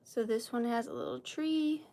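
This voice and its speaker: A Southern US woman hosts a live vintage sale, bubbly and talkative, thanking viewers by name in casual stream selling. Her warm, fairly high voice swoops wildly in pitch, with vocal fry at a normal speed. Faint room noise is audible.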